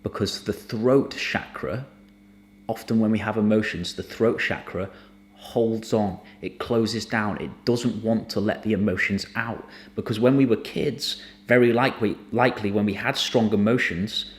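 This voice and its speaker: A man teaching somatic emotional release in a gentle, earnest, unhurried way, sometimes dropping almost to a whisper. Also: on the low side. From United Kingdom. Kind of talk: reflective spoken teaching to camera.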